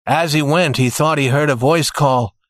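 A man reading a story aloud in a steady, expressive narrating style. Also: on the high side, moderate pace, no echo, clean studio sound.

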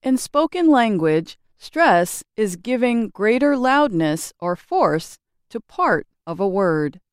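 A woman reading a scripted English grammar lesson with slow, careful, clearly enunciated delivery. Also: medium pitch, big pitch swings, no room sound, clean studio sound. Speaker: English teacher.

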